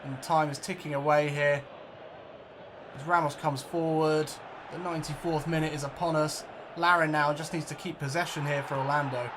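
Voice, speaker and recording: A man commentating his own football video game match like a broadcaster, jokey and prone to excited outbursts and swearing. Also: fairly high pitch, normal speed, background noise. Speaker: let's play gamer. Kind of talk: mock football commentary over gameplay.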